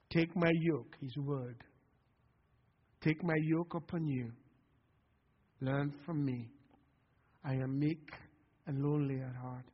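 A man preaching with fervor from a church pulpit, his voice sitting a little high and slightly husky. His words carry a long echo through the sanctuary, and the recording is dull and lo-fi. He calls out to the congregation as he goes. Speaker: pastor. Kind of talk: sermon. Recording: long hall reverb, dull lo-fi sound.

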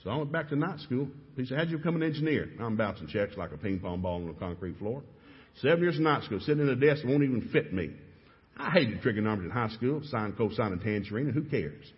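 A man's voice: medium pitch, quick pace. Middle-aged man preaching in an echoey hall. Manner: animated storytelling with shouted re-enactments. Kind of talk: sermon. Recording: echoey hall, dull lo-fi sound.

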